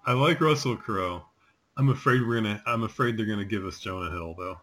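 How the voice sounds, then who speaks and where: A man's voice: lowish voice, fairly quick, fairly bright tone. A man co-hosting a podcast in casual film chat, hesitant, with many ums and restarts. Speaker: podcast co-host.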